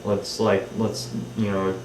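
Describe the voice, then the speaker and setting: Low-voiced man recalling a shoot, roomy. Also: level tone, takes it slowly, darkish tone, far from the mic. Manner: rambling, many ums and restarts. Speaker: film director. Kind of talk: casual behind-the-scenes recollection. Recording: roomy, off-mic, faint hiss.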